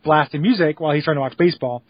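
A man with a somewhat high, husky voice co-hosts a casual podcast chat and slips in wry, deadpan jokes. The recording is dry and close, with slightly dull audio. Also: rapid-fire, no echo. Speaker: podcast co-host.

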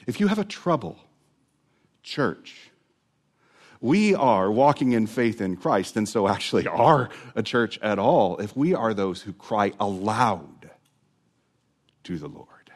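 A man's voice: on the low side, sing-song, slow, pauses often. A man preaching a sermon in an earnest, conversational way, rising into emphatic swells on key points.

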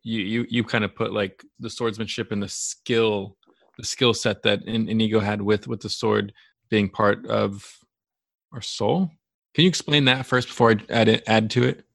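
A man's voice: fairly low pitch, steady tone, normal speed, vocal fry, a bit bright, dry recording, clean studio sound. A man co-hosting a casual podcast discussion, searching for words with stammering restarts. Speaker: podcast co-host.

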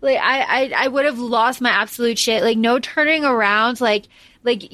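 A young adult woman co-hosts a podcast with a slightly high voice. She talks bluntly and emphatically in casual chat, swearing freely. The sound is dry and close. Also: normal speed, pushed and bright, no echo. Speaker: podcast co-host.

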